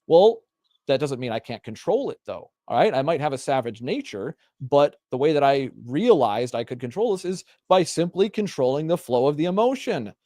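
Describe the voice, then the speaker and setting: A man hosting a casual panel talk show, speaking emphatically and building up to forceful rhetorical questions. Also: fairly high pitch, big pitch swings, moderate pace, no room sound, clean studio sound. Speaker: podcast host.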